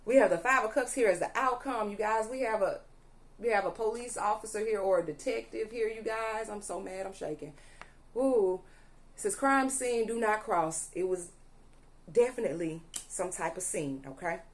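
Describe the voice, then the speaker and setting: A young tarot reader speaks to her viewers in a mid-range voice at a moderate pace as she reads the cards. Her style is emphatic and repetitive, peppered with "allegedly" and frequent pauses to ask "okay?", and at times she sounds angry.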